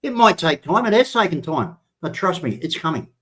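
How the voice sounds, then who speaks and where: A man's voice: fairly high pitch, very animated, fairly quick, fairly bright tone. A man hosting a live stream, ranting in a threatening, profane and emphatic way.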